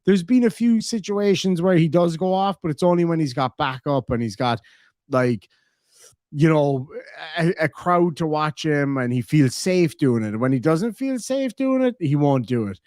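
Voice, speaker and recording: A man's voice: on the high side, lively intonation, moderate pace, a little mellow, no echo, studio quality. A man with a Cork Irish accent chatting on a live stream, reading donations and reacting with sweary, joking banter.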